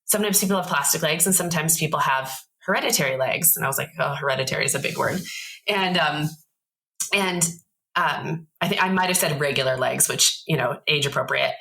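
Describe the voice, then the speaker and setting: Guesting on a podcast for a casual interview, she tells a story with lots of energy, performing the quoted voices herself. Her voice is low yet bright, a little fast, with vocal fry, and the recording is rough.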